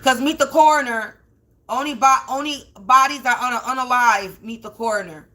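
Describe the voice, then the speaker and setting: A high-pitched woman with a bright, sharp edge hosts a spiritual reading on a livestream. She swears freely and rambles indignantly, stumbling and restarting her words as she talks. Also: moderate pace. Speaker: spiritual reader, livestream host. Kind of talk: livestreamed tarot-style reading, profane rant.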